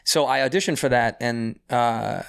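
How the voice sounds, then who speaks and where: A man's voice: mid-range voice, moderate pace, gravelly, clean tone. A man, a podcast guest, telling a story casually and animatedly, acting out the quoted people and swearing freely.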